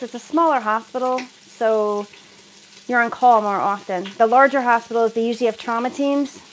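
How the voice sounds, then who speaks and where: A woman's voice: fairly high pitch, a little hiss or hum, rough recording. A middle-aged woman from the United States chatting casually while cooking in her home kitchen, laughing often and reading out viewers' comments. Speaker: cooking livestream host.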